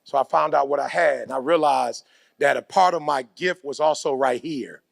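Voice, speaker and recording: A man giving an energetic motivational speech, leading the crowd in call-and-response and building to shouts, with slang-filled storytelling. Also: mid-range voice, moderate pace, vocal fry. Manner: slips into street slang and storytelling. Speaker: motivational speaker.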